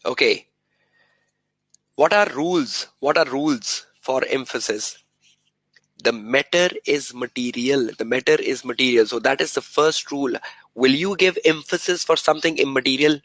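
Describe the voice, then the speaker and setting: A male lecturer runs a revision session, firing quick questions at the class and answering them himself. He repeats key terms over and over to drive them home. His voice sounds dry and close, with little room echo. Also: mid-range voice, a bit bright. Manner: drills students with repeated rhetorical questions; repeats key words and phrases for emphasis.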